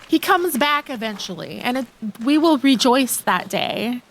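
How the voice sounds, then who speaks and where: A woman's voice: sits high, lively intonation, measured pace. A woman streaming a game live, chatting with viewers in a gushing, giggly, rambling way into a desk mic.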